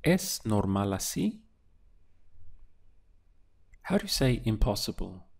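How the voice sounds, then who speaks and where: A man teaching a beginner language lesson, asking patient prompts and then giving clear model answers. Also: lowish voice, very animated, slow, darkish tone. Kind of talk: slow, deliberate language lesson with pauses.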